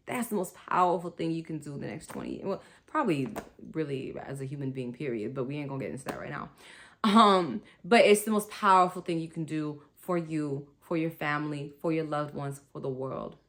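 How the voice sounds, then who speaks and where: A woman's voice: low-pitched, pushed and bright. Chatty woman hosting a spiritual talk. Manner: chatty, rambling, laughs often, goes on tangents; addresses listeners as y'all. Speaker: spiritual wellness podcast host.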